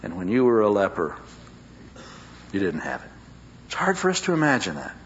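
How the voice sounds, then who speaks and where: Male preacher, sermon to a congregation, dramatic drawn-out emphasis, lively pitch swings, lo-fi recording. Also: slight background noise. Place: church service with a congregation.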